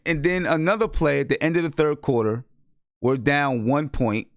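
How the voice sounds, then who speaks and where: Animated man telling a story. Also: a little high, normal speed, no echo, clean studio sound. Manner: animated storytelling, acts out quoted lines. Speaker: show host and girls' basketball coach. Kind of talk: casual chat.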